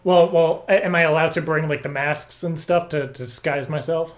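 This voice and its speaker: A man making a prank phone call, rambling and stammering through deadpan absurd stories. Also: a little high, normal speed. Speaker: prank caller.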